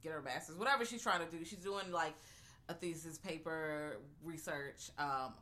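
A woman's voice: low voice, moderate pace, pushed and bright. A woman co-hosting a podcast, a teacher, talking bluntly and profanely in casual chat. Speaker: podcast co-host.

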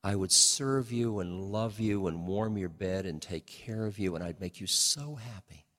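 An older man voicing a cursed talking frog, coaxing and soft, in his own deep voice with long hall reverb. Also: unhurried.

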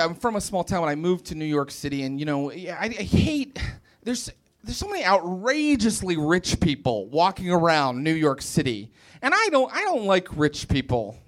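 A young man from West Virginia doing a stand-up comedy set on a club stage, animated and self-mocking, slipping into exaggerated voices. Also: sits high.

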